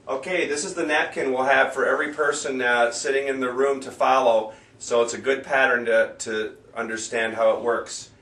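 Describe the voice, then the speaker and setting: A man teaching a sing-along at an even middle pitch, drawing out each foreign word slowly and clearly. He catches and corrects his own slips as he goes. His voice comes from some distance off the mic and rings around a roomy space. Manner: slow, careful enunciation of foreign words, stops to correct himself. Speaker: sing-along leader teaching a German bar song. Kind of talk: casual spoken lesson with sung examples.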